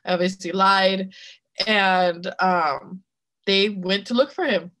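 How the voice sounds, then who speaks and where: A podcast co-host with a medium-pitched, fairly bright voice talks at a slow pace through a personal story. She's blunt and frank, swears freely and uses lots of fillers, occasionally dropping into another language mid-sentence.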